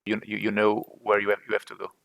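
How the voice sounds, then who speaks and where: Man on voice chat, very gravelly voice, low and flat, halting and repeating words. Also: no echo. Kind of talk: casual voice chat strategy talk.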